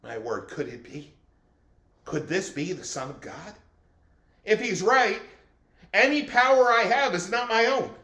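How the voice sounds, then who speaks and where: A man's voice: high voice, expressive, a little slow, long pauses, bright, forceful tone, exaggerated voice. A man playing a fearful Roman governor, voicing an anguished inner monologue in a dramatic first-person portrayal. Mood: anxious. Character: anxious male Roman governor, torn and fearful. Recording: echoey room.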